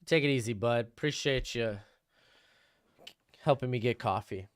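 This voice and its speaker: A man's voice: medium pitch, normal speed, clean tone. A young man hosting a live stream, casually commenting on draft picks and answering his chat. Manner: chatty, answers chat questions, offhand opinions.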